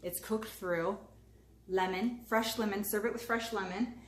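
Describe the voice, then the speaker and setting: A woman with a mid-range voice and fairly even intonation hosts a casual cooking demo from her home kitchen, taking her time. She's a cooking channel host, chatty and enthusiastic as she speaks directly to viewers, and the room sounds echoey with faint background noise.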